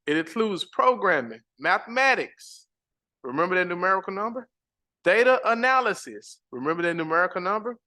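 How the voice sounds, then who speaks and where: A man with a bright, somewhat high voice teaches a live-stream lesson. He reads his slides aloud, chats casually with viewers and repeats the important points with emphasis. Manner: casual, chatty asides to the audience. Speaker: credit repair educator.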